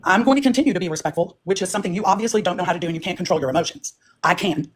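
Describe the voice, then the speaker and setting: A woman's voice: on the low side, rapid-fire, husky. An older woman on a livestream who argues firmly and keeps insisting that she is being respectful. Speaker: livestream guest. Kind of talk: heated livestream argument.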